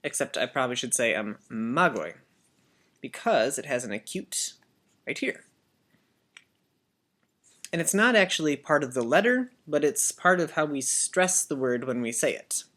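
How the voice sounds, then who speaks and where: A man's voice: a little high, sing-song, normal speed, a bit bright. A man teaching a language lesson for children, patiently spelling out words and having learners repeat after him. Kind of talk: slow classroom language lesson.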